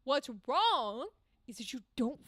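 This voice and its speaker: A young woman from the Boston area streaming a game, commenting excitably and sarcastically with plenty of swearing. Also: high-pitched, slow pace, dry recording, clean studio sound. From New England, Boston area. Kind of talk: casual live-stream commentary.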